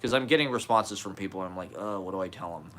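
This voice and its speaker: A man's voice: low voice, a bit bright, slight background noise. A man with a slight lisp, talking candidly in a rambling personal monologue, swearing and laughing as he goes.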